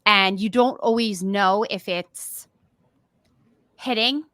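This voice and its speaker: A middle-aged woman teacher co-hosting a podcast, talking in an animated, emotional way with many fillers. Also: medium pitch, slow, dry recording. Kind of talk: casual chat.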